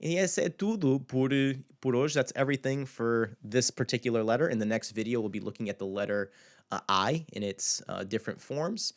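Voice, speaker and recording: A man teaching a language lesson in a loose, conversational way, with filler words, who slowly repeats words to show how they are pronounced. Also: medium pitch, lively intonation. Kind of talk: casual video lesson.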